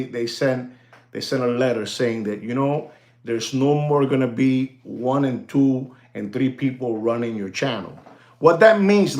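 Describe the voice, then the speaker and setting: A man who makes online content, ranting casually to his viewers in a rambling, repetitive way, constantly saying "you know" and calling out "ladies and gentlemen". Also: mid-range voice, echoey room. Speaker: watch channel content creator.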